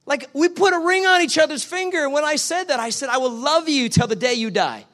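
A middle-aged male pastor preaching a sermon, animated and acting out both sides of little dialogues. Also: very high-pitched, a little fast, hardly any pauses.

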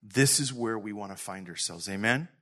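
A middle-aged male pastor preaching a sermon earnestly to his congregation, sometimes falling to a soft whisper. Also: fairly low pitch, moderate pace. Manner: earnest, drops to soft whispers when quoting God.

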